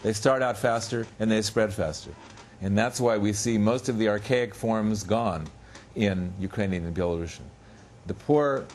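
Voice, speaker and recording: A man giving an academic lecture in a university seminar room, explaining step by step with pauses and small restarts, slowing down to spell out example words. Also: lowish voice, a little mellow, slight background noise. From United States. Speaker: guest lecturer.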